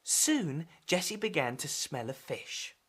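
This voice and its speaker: A woman presenter reading a storybook aloud to children, expressive and emphatic. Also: sits low, slow pace, breathy edge.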